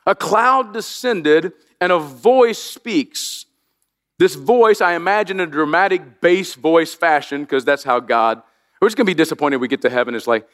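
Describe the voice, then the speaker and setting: A man preaching a sermon as pastor, animated, with jokey asides and rhetorical questions to the congregation. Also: high voice, normal speed, big-room sound.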